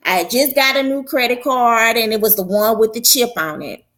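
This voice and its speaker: A woman prophetess hosts her own show, giving a casual religious talk. Her voice sits on the high side with a fairly bright tone and a moderate pace, and her folksy, conversational style carries a preaching lilt.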